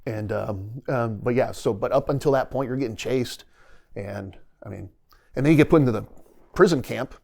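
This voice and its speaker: Speaking with a creaky, darkish mid-range voice at normal speed, a middle-aged man recounts vivid stories as a podcast guest in a relaxed interview. He's a retired soldier who rambles and frequently quotes his inner dialogue out loud.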